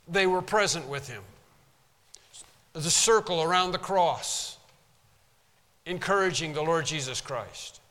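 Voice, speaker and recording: A man preaching from the pulpit, emphatic and stressing his words. His voice sits high for a man and sounds bright and forceful. A long reverb hangs behind him from the sanctuary. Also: takes it slowly, long pauses. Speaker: pastor. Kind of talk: sermon. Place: church sanctuary.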